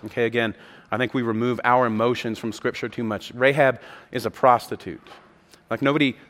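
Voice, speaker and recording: A man's voice: mid-range voice, steady tone, brisk, a bit bright. A man preaching a sermon with passion, acting out the voices of the people in the story. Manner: impassioned, acts out the voices of the story. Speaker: pastor. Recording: long hall reverb.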